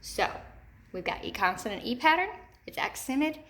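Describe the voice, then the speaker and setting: Slow, clear woman teaching phonics. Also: fairly high pitch, sing-song, a bit bright. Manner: slow, deliberate, repeats words clearly; speaks to young children, checks with "okay?". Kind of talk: recorded remote phonics lesson.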